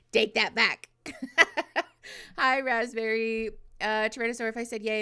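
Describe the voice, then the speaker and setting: A woman with a lowish, fairly bright voice hosts a livestream close to a desk microphone. She chats casually with her viewers, giggling often, swearing freely, and using lots of fillers.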